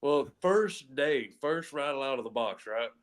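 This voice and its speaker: A man's voice: medium pitch, lively intonation, measured pace. A man telling a long story in casual chat, rambling with lots of "and anyway" fillers and easy swearing. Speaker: comedy podcast co-host telling a story.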